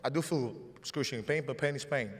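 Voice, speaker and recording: Greek-accented man in an echoing hall. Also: medium pitch. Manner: halting, restarts often, emotional storytelling. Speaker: host. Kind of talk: live stage show conversation. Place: large hall before a live audience. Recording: long hall reverb.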